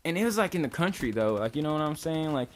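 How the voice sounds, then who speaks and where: A man's voice: fairly high pitch, lively intonation, fast. A young man from Kentucky, casually telling a long, rambling story with lots of swearing. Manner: loose, rambling, swears a lot. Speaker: vlogger.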